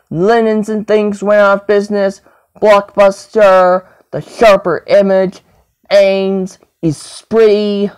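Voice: medium pitch, darkish tone, clean tone. A person rambling to themselves on a home video, repeating and listing things over and over. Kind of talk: rambling self-talk monologue.

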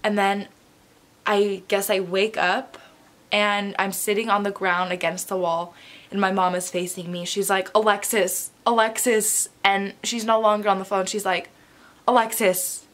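A young woman vlogger telling a personal story in a chatty, animated way, acting out what everyone said. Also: medium pitch, moderate pace. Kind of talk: casual storytime vlog.

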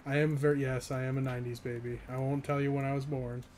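A man's voice: mid-range voice, flat delivery, fast, darkish tone. Young guy rambling to chat on his game stream, laughs a lot, bit of hiss behind him. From northeastern US. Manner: rambling, chatty, laughs often. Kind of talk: casual gaming stream chat.

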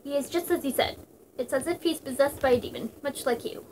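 A woman's voice: sits high, brisk, a little mellow, slight background noise, natural voice, poor audio. A woman voicing a giant, brooding male shaman warrior in a story reading, speaking solemnly.

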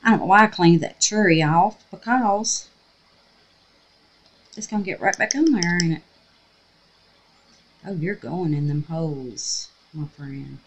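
Chatty woman crafting, low unhurried voice. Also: low-quality recording. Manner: chatty, talks to herself and viewers while working. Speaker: resin craft channel host. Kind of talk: casual crafting tutorial talk.

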